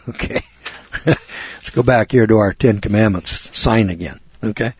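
A man's voice: fairly low pitch, lively intonation, a little slow, breathy edge, no echo. A man preaching a sermon in a blunt, folksy, crude manner, recorded on a dull lo-fi recording.

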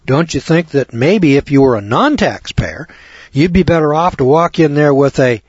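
A man's voice: on the high side, lively intonation, normal speed, breathy edge, no echo. A man lecturing to students in a folksy way, piling up rhetorical questions and repeating them for effect. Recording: dull lo-fi recording.

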